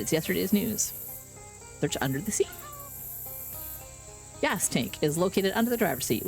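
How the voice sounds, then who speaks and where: A woman streaming a game, reading the on-screen text aloud with playful, deadpan asides. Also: sits low. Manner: playful, deadpan asides, does silly frog voices.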